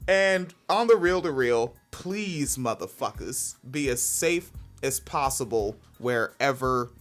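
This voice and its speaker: A woman's voice: animated, slow, soft background music. A woman hosting a podcast in casual, profane chat, rambling and laughing often. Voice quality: fairly high-pitched voice. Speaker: podcast host.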